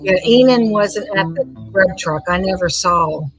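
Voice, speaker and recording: Woman host chatting true crime, slow and musing, mid pitch, soft music under. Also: expressive. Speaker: podcast host. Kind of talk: casual true-crime discussion.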